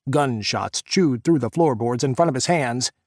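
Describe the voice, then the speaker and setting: A man narrating an audiobook, voicing the characters' shouts during the action scenes. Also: medium pitch, moderate pace, no echo, clean studio sound. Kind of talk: scripted narration.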